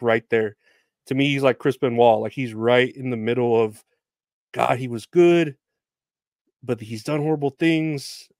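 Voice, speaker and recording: A man's voice: medium pitch, darkish tone, dry recording, clean studio sound. A young man hosting a solo podcast, rambling in a sardonic, profane way with lots of fillers. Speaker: podcast host. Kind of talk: casual solo podcast rant.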